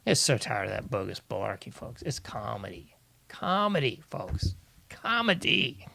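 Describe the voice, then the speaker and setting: A man's voice: fairly low pitch, moderate pace, creaky, a bit bright. A male host giving an exasperated, ranting political commentary monologue, often addressing his listeners as "folks".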